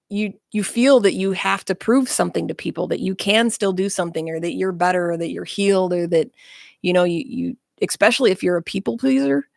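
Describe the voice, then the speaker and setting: A woman's voice: mid-range voice, vocal fry, a little mellow, no echo. A woman guest speaking frankly and bluntly in a casual interview chat, with self-mocking humor, in a small studio.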